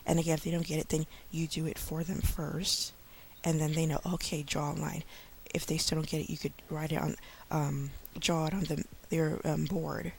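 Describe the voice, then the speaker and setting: A woman in her thirties talks through teaching tips in a relaxed, rambling way, full of ums and slow, deliberate demonstrations. Her voice has a gravelly, fried edge. A faint hiss sits under the recording. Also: low voice. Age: 30s. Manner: chatty, many fillers, slows to model speech for kids. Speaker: online English teacher. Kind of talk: casual tips vlog.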